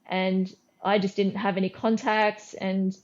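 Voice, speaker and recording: A middle-aged Australian woman, a guest artist, telling lively anecdotes in a casual interview, acting out her own lines and often restarting sentences. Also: mid-range voice, a little slow, lo-fi sound.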